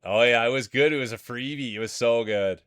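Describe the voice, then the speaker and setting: A man's voice: medium pitch, brisk, a bit bright, clean tone, no room sound, studio quality. A man streaming live, calling marble races like a sports announcer, with chatty asides to his viewers. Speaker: streamer and race commentator. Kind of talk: live marble race commentary.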